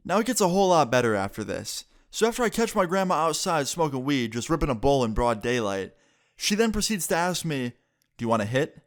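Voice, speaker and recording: A young man telling a story casually on his vlog, animated and profane, acting out the dialogue he quotes. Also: fairly high pitch, a little fast. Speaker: storytime vlogger.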